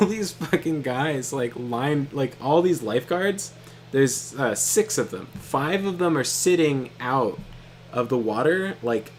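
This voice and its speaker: A young man with a mid-range voice co-hosts a gaming stream, casually telling his brother a funny story as they play, laughing a lot and swearing freely. Slight background noise can be heard.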